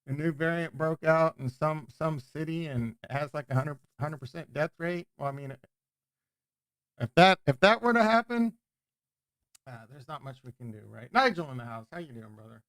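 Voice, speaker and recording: A man with a fairly high voice hosts a casual crypto livestream, chatting in a rambling way and frequently cutting himself off to restart sentences. The audio has no echo.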